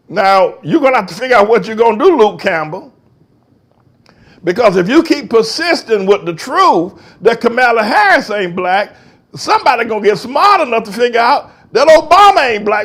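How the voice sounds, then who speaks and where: A man with a high, wildly swooping voice hosts a talk show in a heated monologue. He talks in loose slang, mocks freely and climbs into shouting bursts. The whole delivery is fiery and restless. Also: sing-song, moderate pace.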